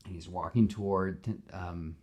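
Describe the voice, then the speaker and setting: A man on a podcast, casually narrating his own movie pitch scene by scene and acting out the lines. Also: steady tone, a little slow, dark tone. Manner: casual, lots of fillers, acts out scenes. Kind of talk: animated storytelling.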